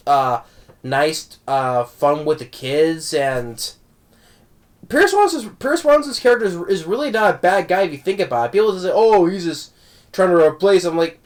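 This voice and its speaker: Man, casual film review, slightly high voice, rambling, restarts, fond of the movie. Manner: rambling, with many restarts and "right?" tags; warm, amused fan talk.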